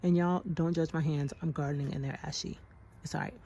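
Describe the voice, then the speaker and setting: A woman's voice: low voice, fairly even intonation, brisk, mellow, lo-fi sound, slight background noise. A woman in her thirties walking through her backyard garden and talking to viewers in a chatty, sighing way, calling them y'all. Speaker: homestead vlogger. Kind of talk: casual garden vlog.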